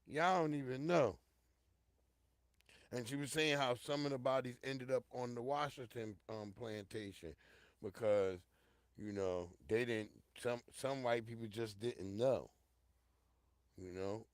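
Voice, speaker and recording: A middle-aged man hosting a show, telling a personal story in a casual, profane monologue, talking straight to his listeners and swinging from loud outbursts to hushed low tones. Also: measured pace, pauses often, clean tone, no room sound. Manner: addresses listeners directly and repeatedly.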